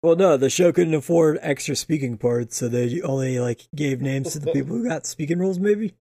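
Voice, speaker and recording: A man with a somewhat high, gravelly voice talks through a TV episode in a loose, crude way, laughing often. His tone is dark and mellow, and the sound is close and dry. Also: brisk, dry recording. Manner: laid-back, crude, laughing. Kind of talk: casual chat reviewing a TV episode.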